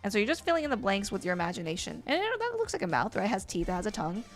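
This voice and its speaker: A woman's voice: medium pitch, big pitch swings, racing, faint music behind. Chatty woman teaching drawing on stream. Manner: chatty, rambling, filler-heavy. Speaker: art teacher. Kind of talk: live-stream drawing lesson.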